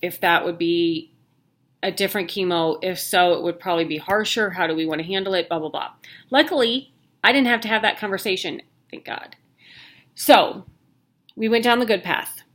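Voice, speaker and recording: Speaking to the camera, a vlogger in her thirties shares her health news in a candid, chatty way, tossing in jokey asides while sounding worn out. Her voice is lowish and fairly bright, at a moderate pace.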